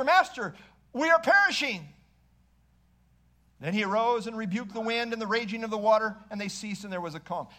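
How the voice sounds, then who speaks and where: A high-voiced man delivers an expository sermon. He reads scripture aloud dramatically, then drops his voice to a near hush for quoted words. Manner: expository preaching with dramatic quoted readings and sudden hushes. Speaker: pastor.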